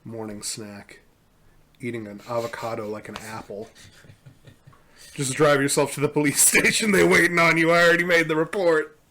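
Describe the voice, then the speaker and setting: A man's voice: on the high side, moderate pace, pushed and bright, slight background noise. Wry, amused man in casual chat. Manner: amused, wry, often laughing. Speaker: podcast co-host. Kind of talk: casual chat, reading memes aloud.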